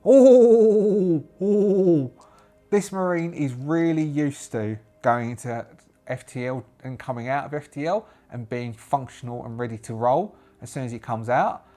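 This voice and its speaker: A man's voice: medium pitch, normal speed, darkish tone, soft background music. A British man running a solo tabletop game, hesitant and thinking aloud with many fillers and restarts. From Britain.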